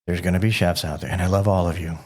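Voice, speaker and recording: A man's voice: sits low, fairly even intonation, fast, darkish tone. A man co-hosting a podcast in casual chat, thinking aloud and building his point with restarts.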